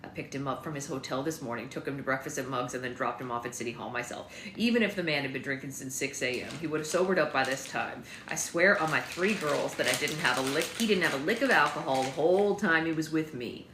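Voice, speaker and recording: A woman's voice: deep voice, quick pace, few pauses, echoey room, background noise, natural voice. A woman voicing an earnest, scruffy middle-aged local man who pleads for a friend, in a read-aloud of her novel. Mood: pleading.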